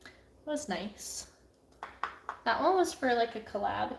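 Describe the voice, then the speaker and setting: A woman's voice: fairly high pitch, lively intonation, slow pace, creaky, long pauses, reverberant, slight background noise. A woman, a painter chatting casually with her viewers on a live stream, laughing often and filling her talk with "like.". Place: home studio room.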